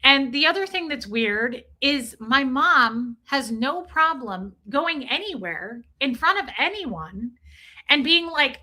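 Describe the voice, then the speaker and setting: With a high voice and an unhurried, measured pace, this young woman on a livestream chats animatedly through a story, saying hello to viewers along the way.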